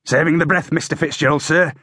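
Man putting on a gruff old sergeant, high-pitched, barking, fervent, audiobook character voice. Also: animated, unhurried, fairly bright tone, dry recording, clean studio sound, exaggerated voice. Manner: bellows drill orders, fervent. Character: scarred, zealous old army sergeant, man.

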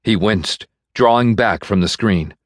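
A man narrating an audiobook in a measured, even storytelling manner, recorded in a studio. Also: on the low side, dry recording. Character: bitter man navigator. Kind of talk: scripted narration. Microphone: studio microphone.

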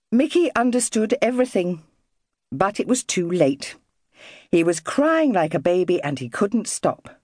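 A woman narrating a children's audiobook in an expressive storytelling manner. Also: medium pitch, measured pace, dry recording, clean studio sound.

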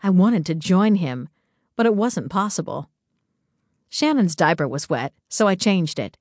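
Slow, intimate woman narrator. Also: lowish voice, very animated, a little mellow, no echo, clean studio sound. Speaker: audiobook narrator. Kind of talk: scripted first-person narration.

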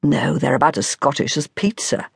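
A woman voicing a gossiping society woman in whispered role-play, hushed and confiding. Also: sits low, lively intonation, moderate pace, breathy edge, dry recording, studio quality. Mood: gossipy.

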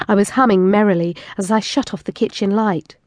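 A woman narrates a first-person erotic audiobook in an intimate, expressive way. Her voice sits in the middle range. The recording is dry and close, with no room echo. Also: medium pitch, fairly quick.

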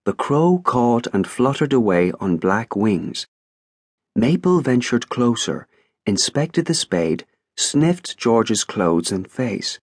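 A man narrating an audiobook in an expressive, wry storytelling manner. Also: mid-range voice, takes it slowly, slightly rough, dry recording, clean studio sound. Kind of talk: scripted narration.

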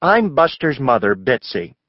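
A man's voice: sing-song, measured pace, dry recording, muffled recording. A man voicing an anxious, fussy mother in a storybook reading. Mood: fretting. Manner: anxious, higher voice.

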